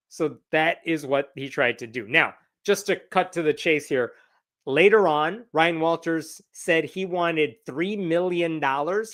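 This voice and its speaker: Man, fairly high voice, sarcastic, casual livestream commentary, reads quotes aloud. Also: a bit bright. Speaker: host of a news roundup livestream.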